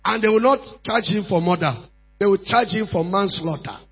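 A pastor preaching a sermon, emphatic and repetitive, swinging from quiet talk to shouting. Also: male voice, high-pitched, moderate pace. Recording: dull lo-fi recording with mains hum.

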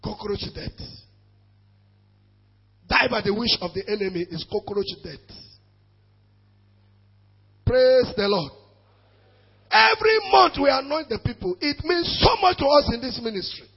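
A man preaching a sermon as pastor, emphatic, with shouted calls for the congregation to repeat after him. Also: very high-pitched, lively intonation, measured pace, vocal fry, long pauses, slightly rough, muffled recording.

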